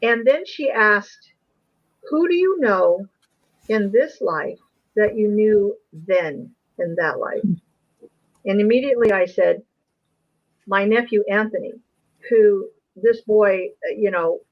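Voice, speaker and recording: Earnest woman guest, lo-fi sound. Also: medium pitch. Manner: earnest, emotional recounting. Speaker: guest, UFO investigator. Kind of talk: personal storytelling.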